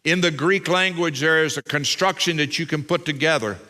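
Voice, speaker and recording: A man's voice: on the high side, normal speed, pushed and bright. A man preaching a sermon as pastor, emphatic and fond of repeating phrases for weight.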